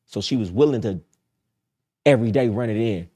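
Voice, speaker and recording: A man's voice: lowish voice, fairly quick, dark tone, husky. A middle-aged man hosting a dating-advice livestream, talking casually in a blunt, profane, repetitive streetwise way.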